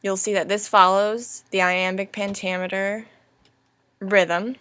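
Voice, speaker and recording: A young woman teaches a recorded lesson, talking slowly and carefully through each point. Her voice is bright and crisp, recorded close and dry with no room sound. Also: medium pitch, little pitch movement, no echo. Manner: slow, deliberate, spelling out each stress. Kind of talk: recorded lesson over slides.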